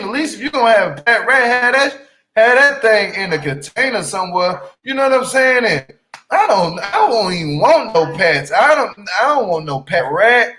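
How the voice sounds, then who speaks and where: A man's voice: sits high, sharp tone, rough recording. A man giving casual reaction commentary on a reality show, blunt, profane and exasperated.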